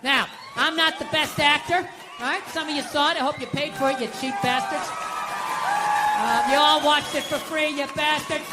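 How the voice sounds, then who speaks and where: A man doing stand-up comedy with a profane, ranting delivery and loud outbursts. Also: very high-pitched, fairly even intonation, normal speed, a loud crowd. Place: stage with live audience. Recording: live venue with hall reverb and noise.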